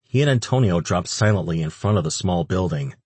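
A man reading an audiobook in steady, even scripted narration, recorded close on a studio mic. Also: sits low, brisk, slightly rough, dry recording.

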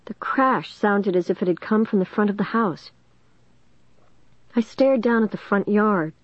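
A young adult woman giving a steady, suspenseful first-person audiobook narration on a close mic. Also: mid-range voice, a little slow, no room sound. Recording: dull dry lo-fi recording.

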